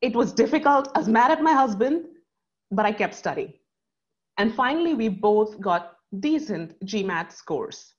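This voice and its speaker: Woman in her 30s, earnest live storyteller with dramatic pauses, slightly muffled recording. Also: a little high, expressive. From South India.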